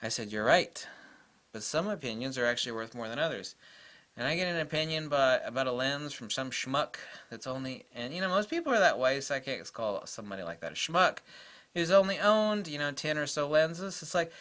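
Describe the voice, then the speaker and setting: Bright-voiced opinionated man vlogging. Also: medium pitch, animated, fairly quick. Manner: opinionated, digressive, mocks imagined critics in exaggerated voices. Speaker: camera reviewer. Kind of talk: casual rambling camera vlog. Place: indoors with cameras on a table.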